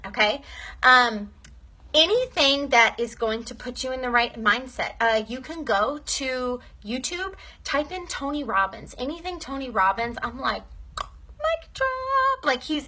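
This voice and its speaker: A woman's voice: on the high side, bright, forceful tone, husky. A young woman giving a casual training talk to her sales team, upbeat and chatty, often checking in with "okay?".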